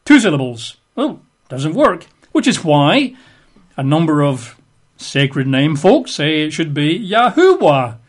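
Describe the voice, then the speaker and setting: A man's voice: on the high side, expressive, slow. A man giving an opinionated, plain-spoken talk with wry asides. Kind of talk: casual talk to camera.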